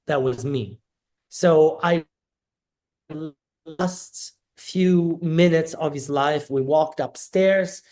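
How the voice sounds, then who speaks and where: A middle-aged man from Naples, a podcast guest telling a personal story and acting out the dialogue as he goes. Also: sits high. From Naples, Italy. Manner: animated, acts out quoted dialogue.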